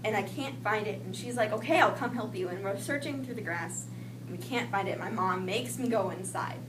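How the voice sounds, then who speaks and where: A young woman telling a personal childhood story in a lively way, acting out the voices she quotes. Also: mid-range voice, moderate pace. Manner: animated, acts out quoted voices. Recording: echoey room with noise, mic at a distance.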